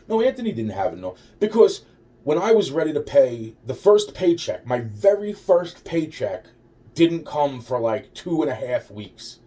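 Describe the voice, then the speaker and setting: A man with a highish voice that swings widely in pitch talks at normal speed with a warm tone, sounding far from the mic. He rambles through a personal story, swearing constantly and restarting his sentences.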